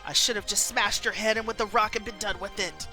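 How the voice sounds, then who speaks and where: A man's voice: high voice, fairly even intonation, a little fast, sharp tone, faint music behind, pitched above the performer's own voice. A woman reading aloud from an interactive story game, voicing a cruel, taunting man villain who snarls his threats. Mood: threatening. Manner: snarling and taunting, then screaming in panic. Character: menacing, cruel man villain, turns desperate.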